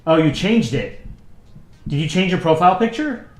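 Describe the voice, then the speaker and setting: A man's voice: a little high, moderate pace, echoey room, soft background music. Laid-back man chatting on a livestream. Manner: relaxed, chatty, thinks aloud. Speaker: streamer and comic artist. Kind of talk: casual livestream chat.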